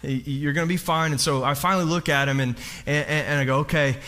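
A man's voice: a little high, fast talker. A middle-aged man preaching a sermon, telling a story and acting out what people said. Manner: animated storytelling, acts out quotes with voice shifts. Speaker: pastor.

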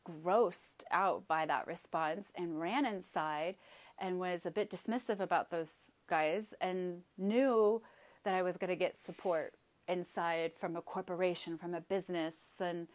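A woman telling a personal story with emphatic, vivid retelling, acting out her own outbursts. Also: mid-range voice.

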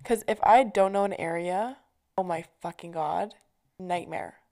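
A young adult woman vlogger tells stories in a casual chat, her voice lowish, a little slow and somewhat mellow. She swears freely and fills her talk with "like" and other fillers.

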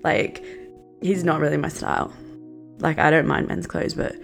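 A woman's voice: sits low, moderate pace, vocal fry, soft background music. Brash, sweary young woman. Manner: brash, sweary, animated storyteller. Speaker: podcast host. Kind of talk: casual storytelling monologue.

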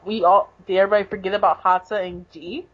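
A woman's voice: mid-range voice, little pitch movement, quick pace. A woman co-hosting a podcast, recapping a manga in a rambling, casual way full of "like" and "basically". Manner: rambling, filler-heavy, with lots of "like" and "basically". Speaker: podcast co-host. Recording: dull lo-fi podcast recording.

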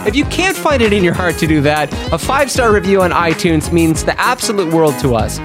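Tipsy, joking man with a high voice. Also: sing-song, brisk, music in the background. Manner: playful, joking, tipsy from champagne. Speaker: podcast co-host. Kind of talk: casual comedic chat.

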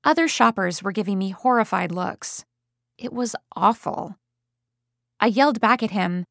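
A woman's voice: medium pitch, measured pace, vocal fry, fairly bright tone, no echo, clean studio sound. A woman reading a first-person parenting story in a chatty, wry way. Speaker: audiobook reader of a parent's story.

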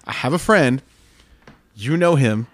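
Laughing animated man telling stories. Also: mid-range voice, measured pace. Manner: animated storyteller, acts out voices, laughs often. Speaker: podcast co-host. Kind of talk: casual storytelling chat.

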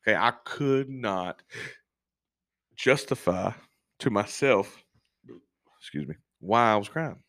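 A man hosting a casual podcast, telling a personal story in a halting, candid way with frequent swearing. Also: fairly low pitch, lively intonation, fairly bright tone, no room sound, clean studio sound. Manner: works as an on-call technician, speaks plainly about long shifts. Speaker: podcast host.

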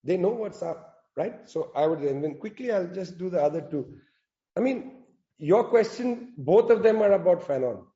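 A man's voice: high voice, expressive, moderate pace, dark tone, highs cut off. A man giving an impassioned political talk, emphatic with sarcastic asides. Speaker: speaker at a public talk. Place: in South Africa.

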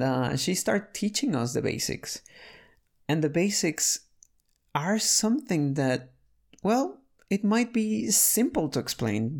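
Casual storytelling, gravelly edge, mid pitch, chatty, frequent restarts. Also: a little mellow. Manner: chatty, many restarts and fillers. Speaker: storyteller recounting learning a language.

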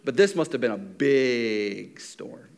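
A man preaching a sermon, telling the stories in a lively, conversational way and acting out the characters' lines, swinging from loud shouts down to near-whispers. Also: medium pitch, slow pace, creaky. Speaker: pastor.

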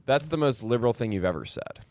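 A man's voice: medium pitch, animated, fast talker, a little mellow, dry recording, studio quality. A man co-hosting a comedy podcast, chatting casually and teasing his friends. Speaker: podcast co-host.

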